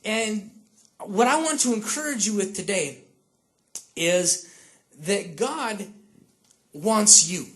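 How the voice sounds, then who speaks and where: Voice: medium pitch, lively intonation, slow, pauses often, fairly bright tone. A pastor giving a conversational sermon, checking in with the listeners and acting out the characters of the story. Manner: chatty, checks in with listeners with frequent asides; retells scripture by acting out the characters.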